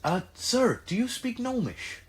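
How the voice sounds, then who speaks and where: Man doing a high, hesitant, overly polite companion for a tabletop game. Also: big pitch swings, unhurried, slightly rough, heavily acted. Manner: hesitant, old-fashioned courtesy.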